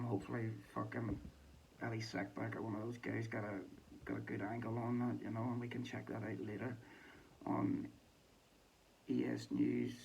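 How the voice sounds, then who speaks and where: A man's voice: mid-range voice, vocal fry, a little mellow, highs cut off, a little hiss or hum. A Northern Irish man giving a casual, sweary and rambling boxing reaction with a mocking tone. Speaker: boxing commentator. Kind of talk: casual chat.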